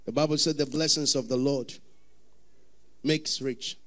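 A man with a Nigerian accent preaching a sermon as pastor, often breaking into sudden shouts. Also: medium pitch, steady tone, measured pace.

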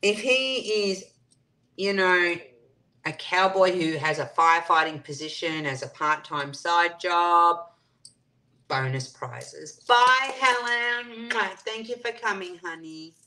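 A woman's voice: lowish voice, slow pace, sharp tone. A woman hosting a live stream, chatting casually and reading out viewer comments and answering them. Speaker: livestream host.

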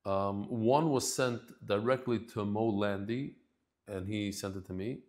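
A man's voice: on the low side, fairly even intonation, a little slow, darkish tone. A man teaching a daily Talmud class, talking in a casual, heartfelt and emotional way with many restarts. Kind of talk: casual heartfelt lesson intro.

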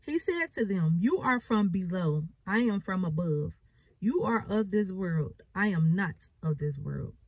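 Husky woman preaching from scripture. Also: fairly low pitch, expressive, measured pace, dry recording, poor audio. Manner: reads scripture then explains it with emphatic repetition. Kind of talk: bible reading and sermon.

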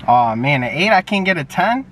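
Young new guy on a phone video chat, brash and cussing a lot, kinda high voice, sounds far from the mic. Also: sing-song, moderate pace, fairly bright tone. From New York. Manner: brash, profane, teasing. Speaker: YouTuber. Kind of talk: casual video chat with strangers. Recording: distant phone mic, faint background noise.

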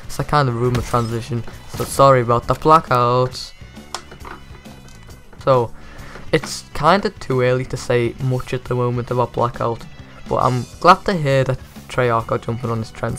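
A man's voice: medium pitch, fairly bright tone. A young man giving jokey, rambling commentary on a video game reveal as a gaming YouTuber.

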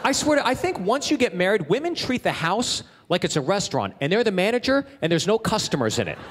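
A middle-aged man doing stand-up comedy, telling animated stories and ranting in exasperation. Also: high voice, quick pace, husky. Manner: animated storytelling, exasperated rants. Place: stage in a comedy venue. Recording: live stand-up set with audience laughter. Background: crowd laughing.

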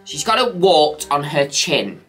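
A woman chatting casually through a makeup tutorial, camp and playful, often dropping a flat, low "people" at the end of her lines. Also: unhurried, soft background music. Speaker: makeup vlogger.

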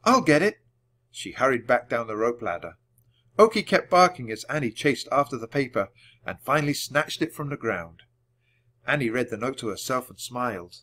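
A man reading a children's book aloud at a clear, measured storytelling pace. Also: medium pitch, lively intonation, fairly bright tone. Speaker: audiobook reader.

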